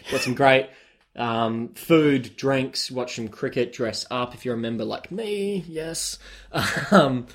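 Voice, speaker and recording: A man's voice: mid-range voice, takes it slowly. A young Australian man co-hosting a casual chat podcast, rambling with many ums and restarts. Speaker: podcast co-host.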